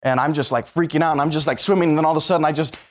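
A preacher with a somewhat high, steady voice tells a personal anecdote during his sermon. He moves between whispered, slow passages and loud, quick, escalating ones.

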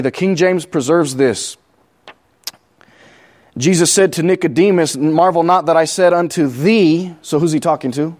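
A man's voice: fairly high pitch, darkish tone. A man preaching a conversational sermon, repeating key points and asking the congregation questions.

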